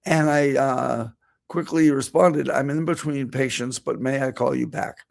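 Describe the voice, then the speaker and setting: Gravelly-voiced man telling a story. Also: mid-range voice, fairly even intonation, measured pace. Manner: storytelling, quoting himself and others. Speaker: veterinarian giving a talk. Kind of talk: personal anecdote in a speech.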